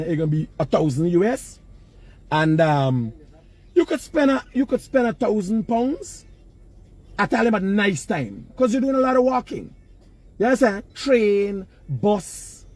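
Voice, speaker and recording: A high male voice with a darkish tone and a breathy edge comes through in a dry recording. He's a vlogger with a Guyanese accent lecturing passers-by near work sites about work and money, emphatic and Creole-laced in casual street talk.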